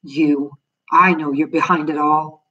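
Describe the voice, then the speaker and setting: A woman voicing a proud, stern father who grumbles at his family in a storybook reading, with a husky voice. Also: low-pitched, fairly even intonation, a little slow, distant mic, lo-fi sound. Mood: stormy.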